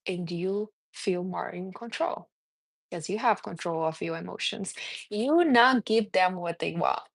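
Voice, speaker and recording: A woman's voice: mid-range voice, dry recording. A woman from Brazil with a Brazilian accent, talking casually and earnestly on a live stream as a self-esteem coach, answering viewers by name. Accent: Brazilian Portuguese. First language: Portuguese.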